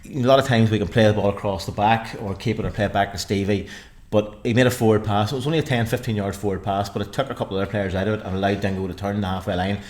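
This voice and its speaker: A man's voice: lowish voice, fairly even intonation, very fast, few pauses, a little mellow. A man co-hosting a casual football podcast, rambling with frequent restarts and fillers. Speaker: podcast co-host.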